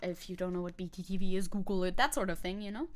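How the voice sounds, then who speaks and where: A woman VTuber with a fairly low voice talks fast while casually chatting with her live-stream viewers. She rambles and giggles often, talking to chat as she types, with slight background noise in the recording.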